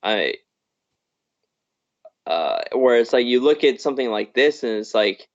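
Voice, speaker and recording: A man co-hosting a casual film podcast at a mid-range pitch. He rambles and restarts, circling his point with frequent "you know"s. The audio is dull and lo-fi. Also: animated, measured pace. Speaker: podcast co-host. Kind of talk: casual film review chat. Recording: muffled lo-fi live stream audio.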